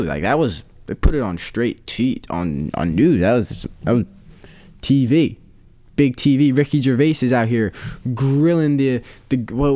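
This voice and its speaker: A man's voice: medium pitch, warm tone. A man hosting a casual solo podcast, rambling and repeating himself in disbelief. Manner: rambling, repeats phrases, incredulous. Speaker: podcast host.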